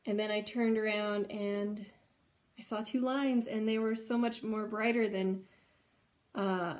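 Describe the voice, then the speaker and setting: A woman's voice: mid-range voice, steady tone, a little slow. A young adult woman telling a personal story at home in an earnest, chatty way, full of "like" and "um". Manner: chatty, heavy use of "like" and "um"; earnest, emotional retelling. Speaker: vlogger sharing a personal story.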